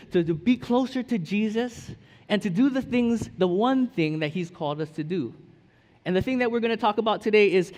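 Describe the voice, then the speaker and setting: A man's voice: high voice, darkish tone. A man in his thirties, a pastor preaching a sermon in a casual, storytelling way, full of fillers and restarts. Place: church sanctuary. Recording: church hall reverb.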